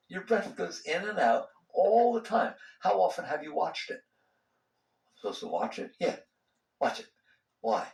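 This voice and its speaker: A man giving a spiritual talk to an audience, conversational and animated, acting out the voices inside people's heads. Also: mid-range voice, creaky, recorded from a distance. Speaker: spiritual teacher. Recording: roomy hall sound, voice from off-mic.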